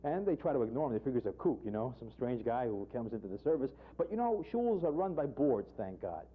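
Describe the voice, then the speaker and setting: Male humorist, animated joke teller, tinny archive TV sound. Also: fast talker, slightly rough. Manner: animated storyteller, acts out characters with sharp jumps in pitch. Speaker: humorist guest. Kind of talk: joke telling and interview talk. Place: television studio. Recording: tinny phone-like archive broadcast.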